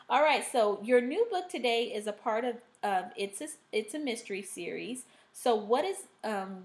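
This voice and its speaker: A woman leads a recorded reading lesson, talking students through each step. She sounds upbeat and keeps checking in with them as she goes. Her voice sits a little high. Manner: upbeat, checks in with okay after most steps. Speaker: reading teacher.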